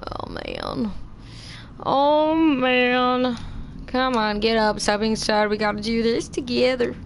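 A woman's voice: fairly high pitch, sing-song, slow pace, creaky. A young woman streaming a horror game, reacting with shrieks and swearing at the game. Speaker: gameplay streamer. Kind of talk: live horror game commentary. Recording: audible background noise.

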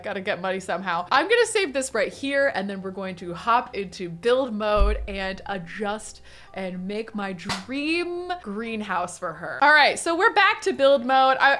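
A woman's voice: a little high, a bit bright. A woman hosting a video, giving casual, chatty commentary on a life-sim game with playful asides and frequent giggles. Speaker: gaming video host.

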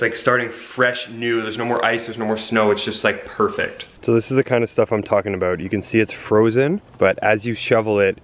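A man's voice: medium pitch, fairly bright tone. A young man casually vlogging to a handheld camera outdoors in the snow and at home, chatty and at times out of breath. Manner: chatty, breathless after shoveling. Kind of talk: casual vlog chat.

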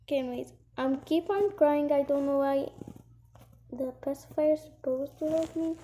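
Giggly high-voiced woman gaming. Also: moderate pace, background noise. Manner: giggly, muttering softly to herself while searching; excitable, gushing. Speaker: gaming channel host. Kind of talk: casual gameplay commentary.

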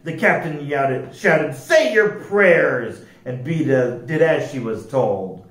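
A man reading picture books aloud as library storyteller, with a slow, lively rhyming delivery. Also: mid-range voice. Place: library room. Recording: echoey room, distant mic.

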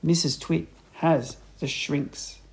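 A man reading a children's storybook aloud in an expressive, playful narrator's voice. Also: fairly high pitch, takes it slowly, vocal fry, poor audio.

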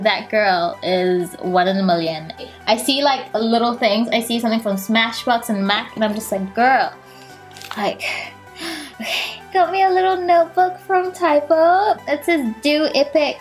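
A young woman beauty vlogger talking casually and gushing excitedly while she unboxes gifts, with lots of fillers. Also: on the high side. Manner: bubbly and gushing, many fillers.

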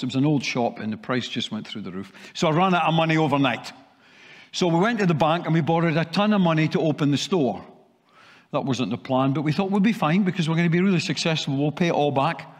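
A middle-aged man with a slight Scottish accent gives a chatty conference talk and tells his story with occasional restarts. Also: on the high side. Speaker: keynote speaker. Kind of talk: conference presentation. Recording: long hall reverb.

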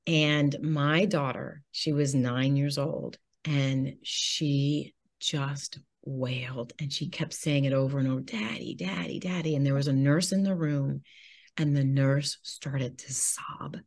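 A woman's voice: extremely low pitch, steady tone, takes it slowly, darkish tone. A woman guest on a podcast, telling a personal story in an earnest, emotional way. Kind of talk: conversational interview.

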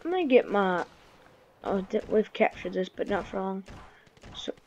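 A woman's voice: mid-range voice, normal speed, a little hiss or hum. Grumbling woman gamer, muffled lo-fi recording. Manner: grumbling, excitable reactions to the game. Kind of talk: casual gameplay commentary. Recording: dull lo-fi recording.

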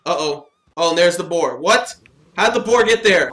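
A man giving casual, excitable reaction commentary while watching an anime, chatting and laughing as he goes. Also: high-pitched, moderate pace.

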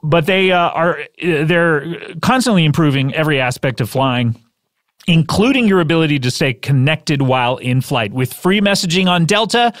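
A man's voice: a little high, fairly bright tone, no echo. A man hosting a comedy podcast, rambling through a jokey, self-interrupting ad read in a studio. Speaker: podcast host.

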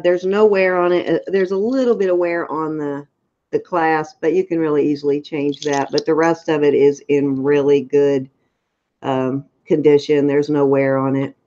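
A woman's voice: deep voice, fairly even intonation, moderate pace, warm tone. A woman selling on a live auction, describing each piece in chatty detail with frequent ums. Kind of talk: casual item descriptions. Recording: dull lo-fi sound.

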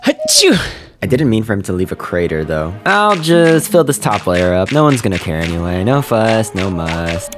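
Excitable deep-voiced cartoon host, man. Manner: excitable, quick reactions, lots of surprised outbursts. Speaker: host and animator of a game cartoon. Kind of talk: animated cartoon voice acting. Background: background music.

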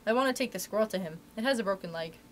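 A woman's voice: mid-range voice, lively intonation, very fast, a little hiss or hum, close to an everyday voice. A woman reading aloud, voicing an eager, curious young boy asking questions.

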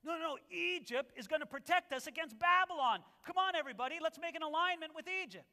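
A man's voice: very high-pitched, expressive, fast talker, pushed and bright, long reverb tail, voice pushed up, full character voice. A preacher voicing eager male politicians rallying support for an alliance. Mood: coaxing.

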